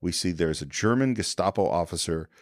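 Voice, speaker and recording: A man's voice: sits low, lively intonation, brisk, dry recording, studio quality. A man co-hosting a film podcast, casually retelling a movie scene by scene and briefly acting out the characters' lines. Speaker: podcast co-host.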